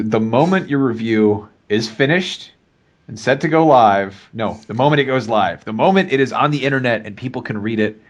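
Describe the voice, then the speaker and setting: A man co-hosting a podcast, teasing his co-host and telling jokey stories in casual chat. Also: mid-range voice. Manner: joking, teasing, storytelling.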